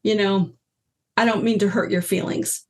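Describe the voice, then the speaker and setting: Speaking at a moderate pace in a mid-range voice, a woman in her sixties shares stories as a guest in a casual interview. She's an energy healer and teacher, and she animates her tales by acting out every quoted voice.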